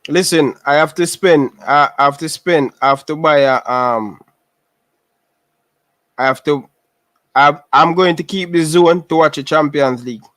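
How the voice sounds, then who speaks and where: A man's voice: a little high, a little slow, fairly bright tone, no room sound. A man with a Jamaican accent, chatting casually with viewers on a livestream, repeating himself and calling out viewers by name. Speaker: livestream host. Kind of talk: casual live chat. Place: living in Canada.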